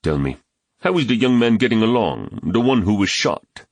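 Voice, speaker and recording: A man voicing a proud, menacing older village chief who speaks in a commanding, measured way. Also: on the low side, very animated, dry recording, pitched above the performer's own voice.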